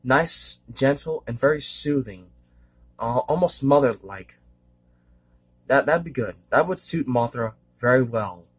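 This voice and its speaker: A man talks in a husky voice, his pitch rising and falling a great deal. He rambles in a casual vlog, hesitating over fillers and often clearing his throat. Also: expressive, measured pace. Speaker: vlogger. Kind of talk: casual monologue.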